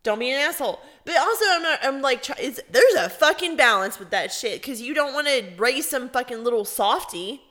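A woman's voice: high voice, animated, normal speed, few pauses, fairly bright tone. A woman co-hosting a podcast, chatting casually and telling stories bluntly with lots of swearing. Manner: blunt, profane storytelling. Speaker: podcast co-host. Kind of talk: casual chat.

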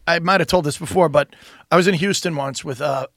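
A man's voice: on the high side, a little fast, fairly bright tone, dry recording, clean studio sound. A male comedian telling anecdotes in casual chat, rambling and restarting as he goes. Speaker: stand-up comedian.

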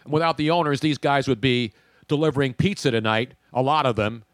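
A man's voice: mid-range voice, brisk, dry recording, studio quality. A man hosting a sports podcast, opinionated and talking in long runs of casual chat. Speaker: podcast host.

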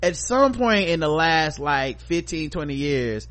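Bright fairly high guy on a podcast, cussing, acting stuff out, telling stories. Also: unhurried. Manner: animated storyteller, profane, acts out quotes loudly. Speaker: podcast co-host. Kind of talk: casual comedic chat, reading listener feedback.

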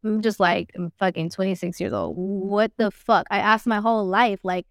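A woman guest on a podcast, telling a personal story in a blunt, profane and animated way. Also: medium pitch, moderate pace, hardly any pauses, dry recording, clean studio sound. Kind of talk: candid conversational storytelling.

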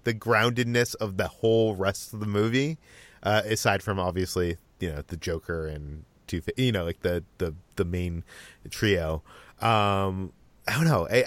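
A man's voice: fairly low pitch, fairly bright tone, no echo. A man hosting a podcast in casual, rambling chat, asking his co-hosts questions.

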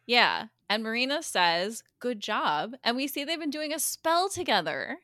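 Bright, dry-sounding chatty woman. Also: fairly high pitch, big pitch swings, normal speed, dry recording. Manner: chatty, acts out characters' lines while retelling. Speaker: guest co-host. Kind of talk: casual podcast recap.

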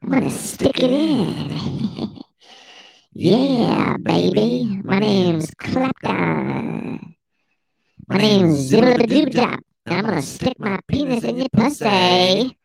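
A woman voicing a crude, lewd male alien in a lowered, drawn-out voice. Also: animated, creaky, a little mellow, slightly rough, full character voice.

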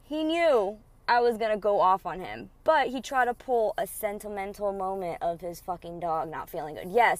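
A woman's voice: mid-range voice, dry recording. A young woman hosting a podcast, heatedly retelling a feud in casual, profane storytelling with lots of quoted back-and-forth. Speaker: podcast host.

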